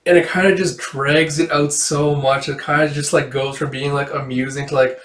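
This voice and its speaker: A man's voice: a little high, little pitch movement, moderate pace, few pauses, a bit bright. Rambling man in a roomy echo. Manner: rambling, frequent "like" and laughs. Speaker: manga chapter reviewer. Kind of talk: casual commentary.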